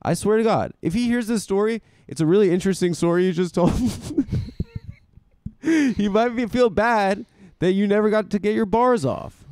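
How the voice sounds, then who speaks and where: A man's voice: high voice, fairly quick, darkish tone, smooth. A man hosting a comedy podcast, teasing his guest in casual banter. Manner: teasing, wry, riffing. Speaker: podcast host.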